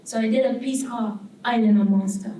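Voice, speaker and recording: A woman's voice: on the high side, fairly quick, dark tone. A Barbadian woman, likely in her thirties, giving a lecture as a guest artist, telling her story animatedly and acting out what people said. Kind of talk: public lecture. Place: lecture hall. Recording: roomy hall, distant mic, faint room noise.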